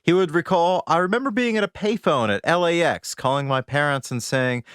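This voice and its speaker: A man co-hosting a podcast, telling film history in a lively, animated way. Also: fairly high pitch, fairly quick, few pauses, clear, resonant tone, no echo, studio quality. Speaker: podcast co-host. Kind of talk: scripted podcast narration.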